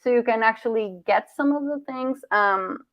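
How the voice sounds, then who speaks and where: Brief: woman coach, bright higher voice, encouraging, muffled call audio. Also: moderate pace, no echo. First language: Spanish. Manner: encouraging, asks "right?" often, with restarts. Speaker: communication coach. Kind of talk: online workshop presentation.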